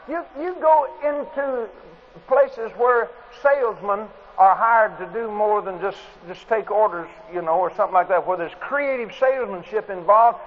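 Folksy preacher, high voice. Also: male voice. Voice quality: folksy, plain-spoken storyteller who acts out quotes. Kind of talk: sermon. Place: convention hall. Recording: tinny lo-fi tape with faint hiss.

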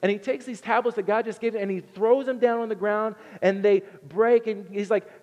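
Earnest preacher in a reverberant sanctuary. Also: male voice, sits high, fairly even intonation, normal speed, hardly any pauses, highs cut off. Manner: earnest storytelling, swings from loud to hushed. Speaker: pastor. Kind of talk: sermon. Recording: long reverb in a large hall.

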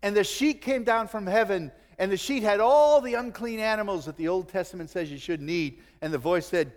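A middle-aged man preaching a sermon, animated, acting out quotes and chuckling now and then. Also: high voice, brisk, few pauses, big-room sound. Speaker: pastor.

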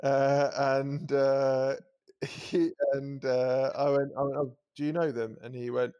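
A man's voice: medium pitch, takes it slowly. A man, telling a story on a casual podcast, swearing and acting out the people he quotes. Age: 30s. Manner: animated, swearing, acts out quoted voices, laughs often. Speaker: podcast co-host.

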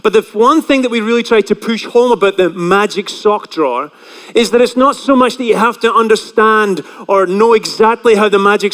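A man's voice: sits high, fairly bright tone, long reverb tail. A male pastor preaching a chatty sermon, often asking the congregation questions.

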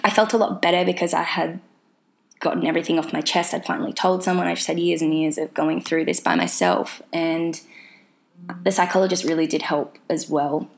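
A woman's voice: on the low side, creaky. A young woman telling a personal story casually, rambling with lots of fillers and restarts. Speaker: vlogger sharing her mental health story.

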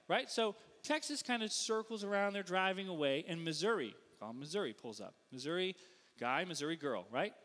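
A man from the Northeastern US preaching a sermon as a pastor, telling stories with animated, self-deprecating humor in a church sanctuary. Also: high-pitched, fairly quick, long reverb tail. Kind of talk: storytelling sermon.

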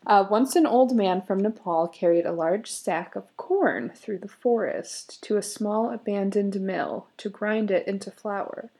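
A woman's voice: mid-range voice, unhurried, few pauses, warm tone. A woman co-hosting a podcast, chatting casually and retelling a folk story, laughing often. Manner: giggly, with frequent fillers and laughs. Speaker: podcast co-host.

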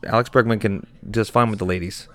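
A man's voice: fairly low pitch, steady tone, brisk. A man hosting an improvised comedy rant, talking in an exasperated, profane and irritable way.

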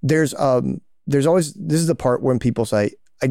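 A man's voice: mid-range voice, normal speed, mellow, no echo, clean studio sound. A man co-hosting a podcast, talking casually and spinning little hypothetical stories to make his point. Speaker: podcast co-host. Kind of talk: casual advice chat.

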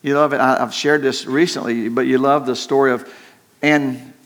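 A man's voice: medium pitch, fairly even intonation, fairly bright tone. Older man preaching an earnest sermon. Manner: earnest, slows down to stress points, repeats words. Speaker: pastor.

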